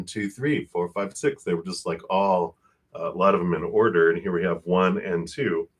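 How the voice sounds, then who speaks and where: Fast-talking man with a low voice. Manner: fast, breathless spiritual talk with laughs. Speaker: tarot card reader. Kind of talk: live-streamed tarot reading.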